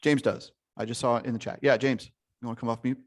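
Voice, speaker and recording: A male relationship coach talks fast in a mid-range voice while leading a live online session through a computer mic. He's energetic and emphatic, frequently checks in, and swears casually.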